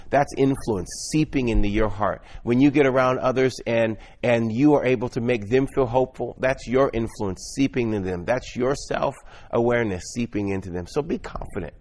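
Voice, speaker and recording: A man delivering an earnest, exhorting motivational sermon, often repeating and restarting his words as he speaks. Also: mid-range voice.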